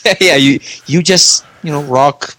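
A man's voice: on the high side, measured pace, sharp tone. A man co-hosting a casual podcast, teasing and contrarian, laughing often. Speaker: podcast co-host. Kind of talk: casual chat.

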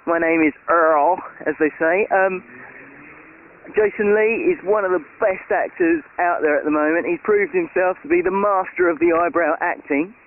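A man's voice: high-pitched, normal speed. A man from the UK leaving an upbeat, rambling phone message for a podcast. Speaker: caller. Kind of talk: recorded voicemail comment. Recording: tinny phone line with faint hiss.

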